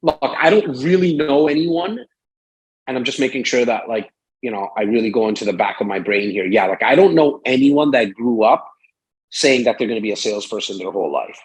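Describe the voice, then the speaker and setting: A man speaks at a middle pitch with a husky, slightly breathy edge to his voice. He talks loosely and animatedly as an interview guest, piling up fillers and acting out little quotes. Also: brisk, low-quality recording. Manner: rambling, animated, many fillers. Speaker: real estate broker and sales strategist. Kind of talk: casual podcast interview. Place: Toronto, Canada.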